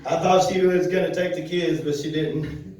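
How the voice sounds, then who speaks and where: A man's voice: a little high, fairly even intonation, normal speed, darkish tone. A man doing a loose, crude stand-up set, cursing a lot and laughing at his own jokes. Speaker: stand-up comedian. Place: comedy club room. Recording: echoey room, voice from far off.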